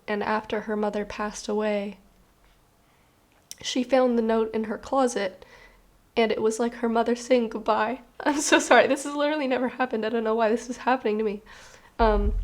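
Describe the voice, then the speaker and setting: A woman with a slightly high voice giving a casual tarot reading to her camera. She talks in an earnest, rambling way, full of "like" fillers. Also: a little mellow. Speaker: tarot reader.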